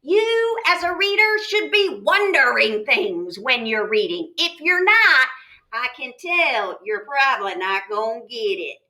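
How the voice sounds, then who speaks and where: A woman teaching a reading lesson to students, animated and asking them lots of questions as she explains. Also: high voice, a little slow. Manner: lively, animated, talks straight to students with rhetorical questions.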